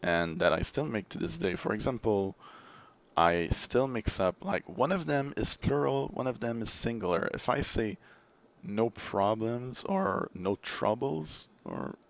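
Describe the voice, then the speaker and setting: A young man with a Canadian French accent, a French speaker, chatting as a guest on a podcast and telling stories in an animated way. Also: mid-range voice, normal speed, gravelly. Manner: animated storyteller, laughs easily. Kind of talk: casual chat.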